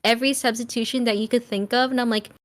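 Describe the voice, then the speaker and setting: A young woman chatting as a podcast guest, telling a story in an animated way and acting out the lines of the people in it. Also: fairly high pitch, quick pace. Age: young adult. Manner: animated storyteller, acts out quoted dialogue. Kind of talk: casual chat.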